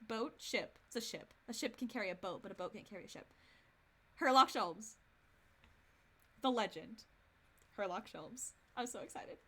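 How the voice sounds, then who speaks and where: A young woman streaming a game, excitable and giggly, reacting loudly and swearing casually. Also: high-pitched, a little hiss or hum. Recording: game music behind. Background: game music.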